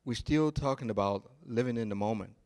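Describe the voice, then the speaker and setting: A male pastor preaching a sermon, telling a story in a slow, deliberate way with pauses. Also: medium pitch, a little mellow.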